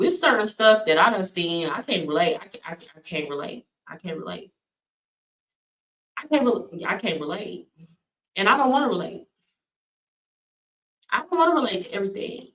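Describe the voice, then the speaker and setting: A woman's voice: mid-range voice, fairly bright tone, distant mic. A woman from the United States telling stories in a casual vlog, blunt, slangy and indignant. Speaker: vlogger. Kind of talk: casual storytelling rant. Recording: echoey room, voice a bit off-mic.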